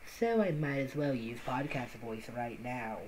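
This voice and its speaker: A woman streamer talking close to the mic in a deliberately quiet, monotone voice she calls her podcast voice. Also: a bass voice, noisy background. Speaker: streamer making game music. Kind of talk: casual live-stream chat. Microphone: close to the microphone. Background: her own music track playing softly.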